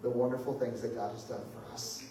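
A pastor preaching a sermon in lively style, shifting between booming exclamations and hushed asides, often chuckling. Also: male voice, fairly quick, slight background noise. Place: church sanctuary. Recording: echoey hall, mic at a distance.

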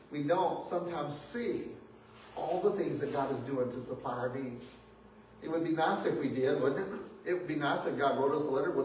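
Male pastor, fairly high voice, animated preaching with loud peaks and soft asides; recorded far from the mic in a big echoey church. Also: a little hiss or hum. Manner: lively preaching that swings from booming exclamations to hushed asides, with chuckles. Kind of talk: sermon. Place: church sanctuary. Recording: echoey hall, mic at a distance.

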